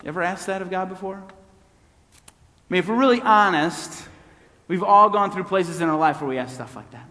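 High-voiced preaching man, reverberant hall. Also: moderate pace, pauses often, bright, forceful tone. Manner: emphatic, repetitive preaching cadence. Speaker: pastor. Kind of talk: sermon.

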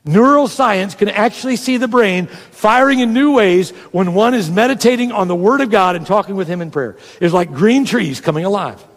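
A man's voice: high voice, normal speed, few pauses. A male pastor delivering a conversational sermon, teaching a scripture routine step by step and acting it out as he goes. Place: large church hall. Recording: long reverb of a large hall.

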